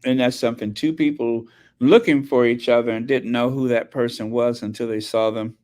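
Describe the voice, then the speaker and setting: A man's voice: medium pitch, steady tone, moderate pace, darkish tone. A man hosting a casual commentary channel, talking hesitantly with many fillers and restarts. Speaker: channel host.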